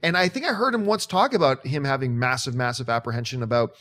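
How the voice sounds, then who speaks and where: A man's voice: mid-range voice, fairly bright tone. A man hosting a casual movie chat, reading viewer questions, eager and enthusiastic. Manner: eager, fast, enthusiastic fan.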